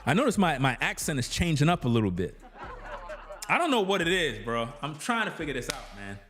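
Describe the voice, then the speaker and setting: A man's voice: on the high side, wildly swooping pitch, fairly quick, fairly bright tone, soft background music. Laid-back man. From New York. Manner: laid-back, chatty, peppered with "you know what I mean". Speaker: YouTube commentator. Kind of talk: casual commentary.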